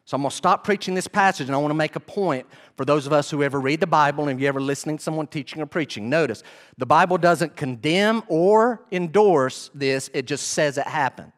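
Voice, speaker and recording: A male pastor preaching a sermon, animated and often asking the congregation questions. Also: on the high side, fairly quick.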